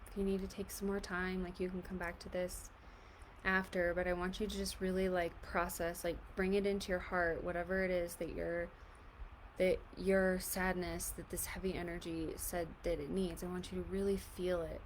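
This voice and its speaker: A woman coaching an emotional tapping exercise in a gentle, reassuring, casual way, often saying "like". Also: fairly low pitch, level tone, moderate pace, a little hiss or hum. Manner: casual, fills speech with "like". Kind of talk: guided tapping session.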